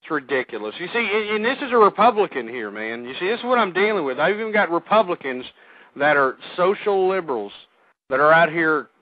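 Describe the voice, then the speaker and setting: A male talk radio host with a fairly high voice, ranting angrily and stumbling over repeated words. The sound is dry and thin, like a phone line. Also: sing-song, a little fast, no echo. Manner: angry, ranting, repeats himself.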